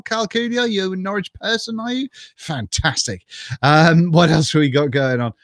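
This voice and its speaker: A man's voice: on the high side, moderate pace, a bit bright, dry recording, studio quality. Chatty man hosting a live stream. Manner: chatty, self-mocking, laughs often, greets viewers by name. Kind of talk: casual live stream chat. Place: home. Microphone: webcam.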